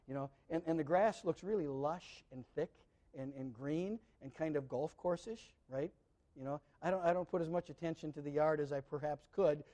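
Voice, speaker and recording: A middle-aged male pastor preaching a sermon in a conversational way, repeating words as he goes and building to loud, emphatic peaks. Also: high voice.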